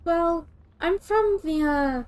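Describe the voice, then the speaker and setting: A woman from the southern United States talks with viewers while she streams a game. She holds a soft, calm voice that she puts on, pitched high with a mellow, dark tone. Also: slow pace. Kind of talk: casual gaming stream chat.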